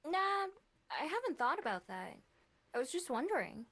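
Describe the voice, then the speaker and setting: A man doing a soft falsetto housewife. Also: very animated, moderate pace, heavily acted. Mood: sweet. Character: gentle, doting adult woman homemaker.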